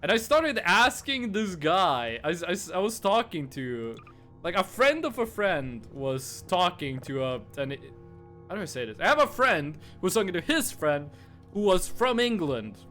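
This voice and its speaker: High, lively young male streamer. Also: a little slow, soft background music. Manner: rambling, chatty storytelling with frequent fillers. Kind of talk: casual live-stream chat while gaming. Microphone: desk mic with webcam on monitor.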